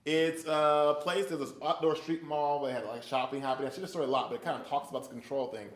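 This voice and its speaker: A man's voice: a little high, fast. A man leading an interactive bible study, telling stories and acting out little voices and sounds as he asks the group questions. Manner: animated storyteller who acts out little voices and sounds. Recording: echoey room.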